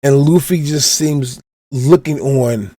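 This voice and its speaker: A man's voice: medium pitch, slow, dark tone, no room sound. Casual male podcast host, dry sound. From Chicago, USA. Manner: retells the story step by step, quoting characters' lines. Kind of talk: casual chapter recap.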